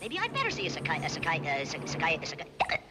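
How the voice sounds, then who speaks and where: A man voicing a manic, cackling cartoon woodpecker in a shrill, squeaky, giddy voice, from an old 1940s cartoon soundtrack. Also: wildly swooping pitch, quick pace, loud music behind the voice. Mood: teasing.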